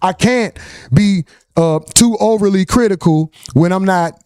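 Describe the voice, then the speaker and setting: A man's voice: high voice, measured pace, darkish tone, clean tone, dry recording, studio quality. A man hosting a live stream, chatting loosely with plenty of profanity and greeting viewers in the chat by name. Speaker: livestream host.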